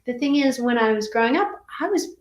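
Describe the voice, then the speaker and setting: A woman musician chatting casually between songs on a livestream, halting and full of fillers and restarts. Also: a little high, expressive. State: tearful. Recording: roomy sound with faint guitar.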